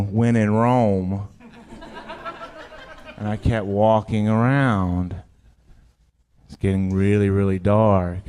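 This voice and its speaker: A man's voice: sits low, dark tone, clear, resonant tone. A male stand-up comic telling a long, profane story on a club stage. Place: live comedy club with audience.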